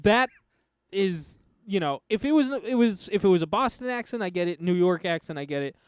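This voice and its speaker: A young man with a plain General American accent talks movies with a friend, pressing his opinions with emphatic bursts and frequent restarts. His voice sits high and sounds clean and smooth. The mic is close and dry. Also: lively intonation, fairly quick, dry recording. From United States. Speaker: podcast co-host. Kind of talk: casual film discussion.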